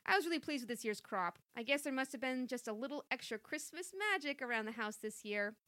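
A woman's voice: high-pitched, lively intonation, a little fast, pushed and bright, no echo. A woman voicing a cheerful, fussing middle-aged mother with a breezy, doting manner. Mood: proud.

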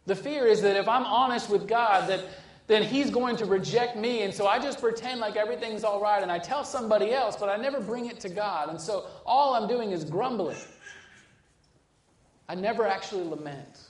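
A man preaching a sermon with a fairly high voice that rings in a roomy church hall. He shifts between urgent, rising lines and hushed, quiet stretches. He often restarts phrases with repeated words. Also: moderate pace. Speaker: pastor.

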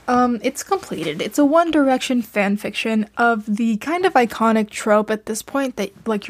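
Young woman, higher voice, casual rambling monologue, self-deprecating, filler-heavy, home mic. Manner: chatty and self-deprecating, laughs often, many fillers. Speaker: podcast host reviewing fan fiction. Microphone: home mic she adjusts herself.

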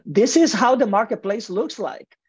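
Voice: mid-range voice, animated, normal speed, darkish tone, breathy edge, no room sound. A guest in marketing and advertising speaks earnestly in a radio interview with a heavy accent and frequent restarts. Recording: dull lo-fi radio sound, dry.

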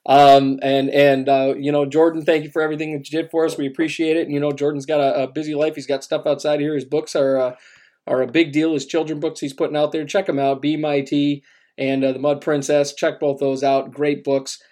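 A man in a relaxed sports chat, his voice sitting a little on the high side. He rambles along loosely, with plenty of filler words and restarts. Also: a little fast. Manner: laid-back, rambling with many fillers and restarts. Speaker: podcast co-host.

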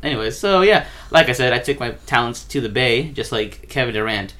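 A man's voice: mid-range voice, animated, fairly quick, pushed and bright. A young man hosting a casual podcast chat, joking and laughing easily. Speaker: podcast host.

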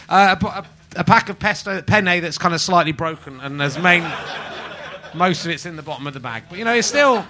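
A man's voice: sits high, bright, forceful tone. A man from England hosting a live podcast in front of a small audience, chatting in a rambling, mock-indignant, jokey way. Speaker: podcast host. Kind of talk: live stand-up podcast chat.

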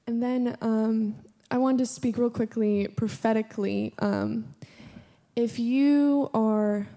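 A woman's voice: fairly high pitch, fairly even intonation, takes it slowly, mellow. A woman giving words of knowledge and leading an earnest, emotional prayer with many fillers. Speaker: prayer minister. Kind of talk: spontaneous prophetic prayer.

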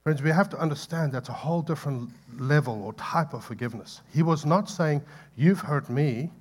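A man preaching a sermon, swinging between loud impassioned pleading and soft asides to the congregation. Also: fairly high pitch, normal speed. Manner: impassioned, building to loud pleading peaks then dropping soft. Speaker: pastor.

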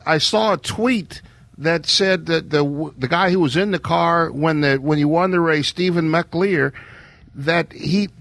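A man co-hosting a radio show, asking a guest a long, halting question. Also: a little high, gravelly, fairly bright tone. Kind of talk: casual radio interview.

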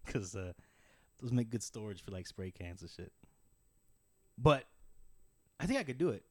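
A man's voice: fairly low pitch, sing-song, normal speed, no echo. Laid-back laughing man, dry sound. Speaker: podcast co-host. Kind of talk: casual chat.

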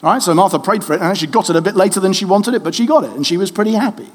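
A man in his thirties preaching a sermon in a lively, conversational way, joking with the congregation. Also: high-pitched, very fast, breathy edge. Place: church hall. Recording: reverberant church hall.

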